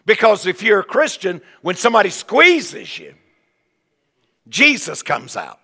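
A man preaching a revival sermon in a folksy, animated way, with asides and repeated words. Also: sits high, a little slow, vocal fry, breathy edge. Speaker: evangelist preacher. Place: large church sanctuary. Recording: long hall reverb.

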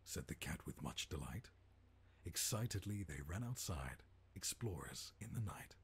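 A man's voice: rumbling low, very animated, normal speed, a bit bright, husky, full character voice. A man voicing a storybook narrator in a video game, reading a rhyming bedtime tale. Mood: calm. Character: deep-voiced male storybook narrator.

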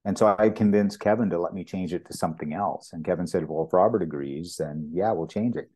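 Canadian guy, older, deep mellow voice, swaps stories and does the voices. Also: fairly quick, husky. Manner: animated storyteller, acts out quoted dialogue. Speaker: property master, guest. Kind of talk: anecdotal storytelling in an interview.

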